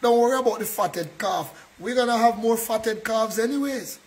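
High-voiced pastor preaching. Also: male voice, moderate pace, rough recording. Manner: earnest preaching, keeps checking in with a tag question. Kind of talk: sermon. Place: church.

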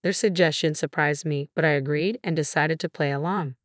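A woman narrating a first-person drama story in an even, steady reading voice. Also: sits low, brisk, dry recording, clean studio sound.

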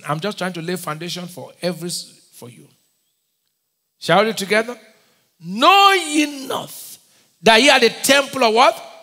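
A man with a Nigerian accent preaching a sermon, firing call-and-response questions at his congregation and breaking into sudden shouts. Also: sits high, big-room sound. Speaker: pastor.

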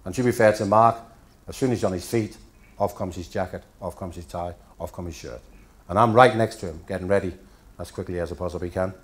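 A man's voice: low voice, fast. A man in his fifties from Denmark, a Danish native speaker, telling after-dinner stories with dry punchlines at a hotel function room dinner.

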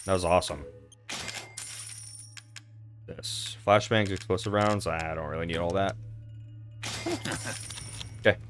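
Male let's-play host, low-pitched, swears freely while narrating his game. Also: steady tone, a little slow, long pauses, fairly bright tone, faint music behind. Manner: casual, profane, talks to himself while playing. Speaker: gaming channel host.

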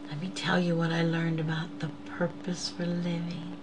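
Soft-spoken woman, earnest, often whispering. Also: fairly low pitch, little pitch movement, moderate pace, hardly any pauses, background noise. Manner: intimate, softly spoken, often sinking to a whisper; earnest, calls listeners "beloveds". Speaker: host of an inspirational show. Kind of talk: personal faith testimony.

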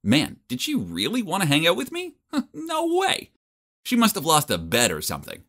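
Young male narrator, self-deprecating and wry, very lively pitch. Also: moderate pace. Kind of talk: storytelling narration.

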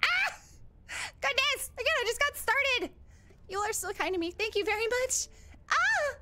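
A woman's voice: extremely high pitch, fast. A woman voicing a cheerful young huntress girl as a VTuber streamer, chatting live in character and squealing often. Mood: excited. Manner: bubbly, excitable, squeals often.

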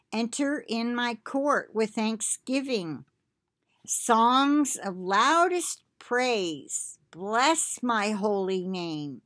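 Slow, devout woman reading scripture-style prophecy. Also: fairly high pitch, expressive, fairly bright tone, dry recording. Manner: slow, deliberate, devout reading with casual asides. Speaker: online Christian channel host. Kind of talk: reading a prophetic message aloud, slow and solemn.

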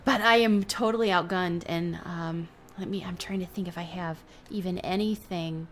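A woman's voice: fairly low pitch, steady tone, normal speed, slight background noise. A young adult woman giving casual let's-play commentary, gushing and flustered as she plays. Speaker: gameplay host.

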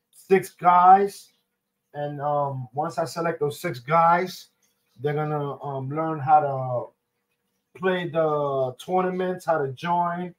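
A man's voice: fairly high pitch, low-quality recording. A young man with a New York accent chatting casually to his viewers, loose and slangy with many ums and restarts. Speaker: streamer host. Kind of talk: casual chat.

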